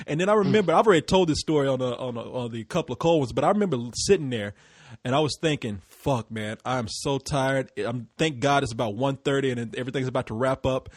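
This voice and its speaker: A man's voice: mid-range voice, animated, quick pace, dry recording, clean studio sound. A young man from Texas, co-hosting a casual podcast, rambling through a profane, laugh-filled anecdote. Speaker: podcast co-host. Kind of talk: casual chat.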